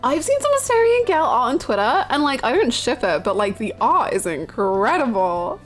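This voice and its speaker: A woman's voice: fairly high pitch, big pitch swings, moderate pace, soft background music. A woman streamer chatting casually and rambling, giggling as she gushes over a game character. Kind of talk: casual live-stream chat.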